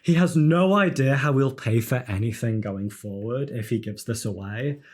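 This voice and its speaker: A man's voice: medium pitch, moderate pace. A man playing in a tabletop game, thoughtful and a little hesitant. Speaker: player. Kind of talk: casual tabletop play.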